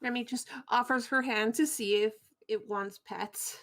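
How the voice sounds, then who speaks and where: A woman's voice: a little high, fairly even intonation, a little slow, a bit bright. A woman player in a tabletop game, cheerfully describing her character's actions.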